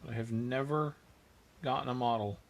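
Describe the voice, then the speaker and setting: A man's voice: mid-range voice, fairly even intonation, moderate pace. A man hosting a miniature painting livestream, chatting casually as he works and answering viewers with dry, self-mocking humor.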